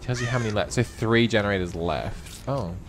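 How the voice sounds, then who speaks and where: Talking a little fast over background noise, a young gaming streamer with a low-side voice narrates his play. He's camp, sassy, and foul-mouthed, frequently shrieking and laughing.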